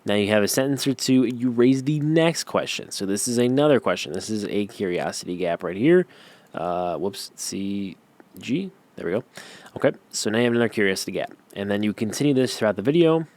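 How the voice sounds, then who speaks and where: A man's voice: fairly low pitch, fairly quick, darkish tone. A young man giving a casual tutorial, talking loosely with many ums and restarts while sketching on screen. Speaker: YouTube growth course teacher.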